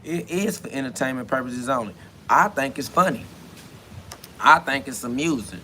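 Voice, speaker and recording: A man's voice: mid-range voice, expressive, moderate pace, pushed and bright, a little hiss or hum. A man hosting a solo self-talk podcast, rambling loosely in with frequent laughs. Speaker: podcast host.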